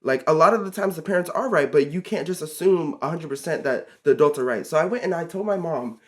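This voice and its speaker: Animated teen guy telling a storytime. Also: fairly high pitch, fast talker. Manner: animated, exasperated storytelling with many fillers. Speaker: vlogger. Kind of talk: casual storytime.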